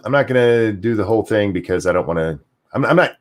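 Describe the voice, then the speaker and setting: A man's voice: on the low side, lively intonation, fast. A man hosting a commentary show, ranting sarcastically with frequent swearing and stammered restarts. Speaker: commentary channel host.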